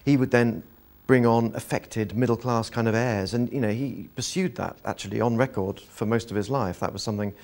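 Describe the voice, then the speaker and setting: A man's voice: medium pitch, brisk, few pauses, a little mellow. A man giving articulate, analytical commentary in an interview.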